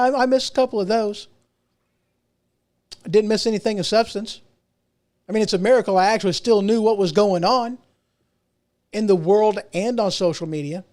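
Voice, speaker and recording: A man's voice: sits high, darkish tone. A middle-aged man hosting a podcast, ranting casually on his own, rambling and restarting his sentences with self-mocking asides. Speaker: podcast host. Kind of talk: casual solo rant.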